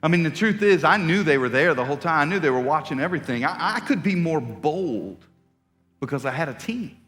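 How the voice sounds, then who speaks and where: A man's voice: a little high, animated, a little fast, a bit bright, big-room sound, faint music behind. A man giving a storytelling sermon as a pastor, playful and self-mocking as he teases the audience. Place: church auditorium.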